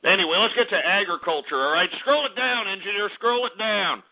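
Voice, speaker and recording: A man's voice: high-pitched, a little fast. Profane ranting man on talk radio. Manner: profane, combative, sarcastic ranting. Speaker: radio show host. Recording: phone-like radio broadcast.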